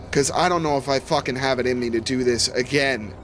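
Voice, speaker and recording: A man's voice: mid-range voice, brisk, hardly any pauses, a bit bright, faint music behind. A young man streaming a game live, talking to his viewers and ranting with heavy swearing. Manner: swears a lot, frustrated rants. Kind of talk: live gameplay commentary.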